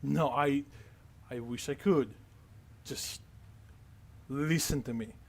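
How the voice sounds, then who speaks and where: A man's voice: medium pitch, takes it slowly. A man voicing an evasive male schemer who pleads and insists while hiding his reasons, as a game master doing a character. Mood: pleading.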